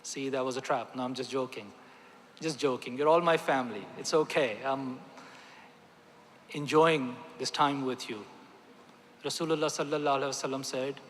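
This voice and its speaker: A man's voice: mid-range voice, normal speed, a bit bright, a little hiss or hum. A man, a doctor, giving an earnest, emphatic speech at a religious convention, speaking directly to the audience. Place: large convention hall. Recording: long hall reverb.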